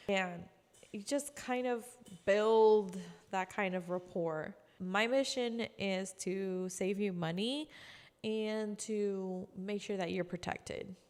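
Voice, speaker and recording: A woman giving casual sales training, chatty, acting out customer calls in quick voices. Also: mid-range voice, big-room sound. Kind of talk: casual instructional talk.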